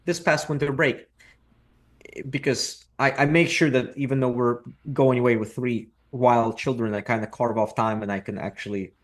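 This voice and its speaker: As a podcast guest in a casual interview, a middle-aged Russian man who invests in real estate reflects on things, repeats his words, and slips in dry jokes. His voice is medium in pitch and steady in tone, and he talks at a moderate pace.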